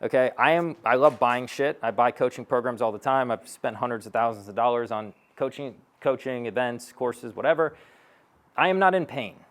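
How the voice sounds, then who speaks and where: A man in his thirties giving a live stage talk as a sales coach, blunt and profane, acting out bits of sales-call dialogue. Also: mid-range voice. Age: 30s. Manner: blunt, profane, punchy delivery; acts out sales-call dialogue in quick asides. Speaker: sales coach speaking to an audience.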